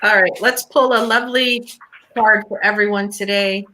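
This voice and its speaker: Canadian woman, mid-pitched and bright, warm upbeat tarot co-host. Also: steady tone, normal speed, slight background noise, rough recording. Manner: upbeat, encouraging. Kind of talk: casual chat and card reading.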